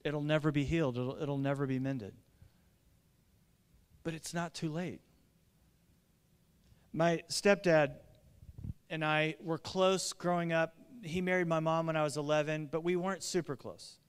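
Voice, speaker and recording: A man's voice: a little high, fairly even intonation, unhurried, pauses often, smooth, in a large hall. A man from the Midwest preaching a sermon as a pastor, earnest and confessional, telling family stories with animation. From American Midwest.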